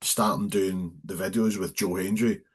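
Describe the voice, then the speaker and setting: Scottish guy, 30s, low husky voice, swears a lot telling stories. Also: fairly even intonation, normal speed. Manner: blunt, sweary storytelling. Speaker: guest, professional wrestler. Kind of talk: casual chat.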